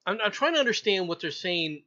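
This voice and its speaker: An American man co-hosting a casual news stream, opinionated and quick to laugh. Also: high voice, dull audio. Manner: animated, opinionated, laughs often. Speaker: co-host reading news stories.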